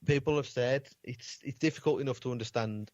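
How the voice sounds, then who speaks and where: A man's voice: medium pitch, fairly quick, dry recording. Podcast guest, male, thick Black Country accent, slurs and clips his words, dry close sound with a dull lo-fi edge. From Black Country, West Midlands, England. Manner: drops letters, slurs and speeds words. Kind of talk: casual chat.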